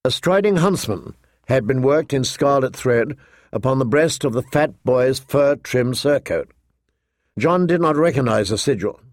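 A man narrating a fantasy novel in a measured storytelling manner, voicing the characters. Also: medium pitch, lively intonation, dry recording, studio quality. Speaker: audiobook narrator. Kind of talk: scripted narration.

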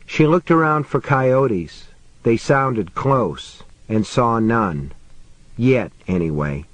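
A man narrating a horror novel in a measured, wry storytelling manner. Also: mid-range voice, no echo. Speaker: audiobook narrator.

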